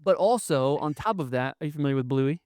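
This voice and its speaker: Smooth-voiced male podcast co-host. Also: on the high side, expressive, fast, a little mellow, no echo, clean studio sound. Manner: conversational, checks in with frequent 'okay?'. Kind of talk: casual podcast chat.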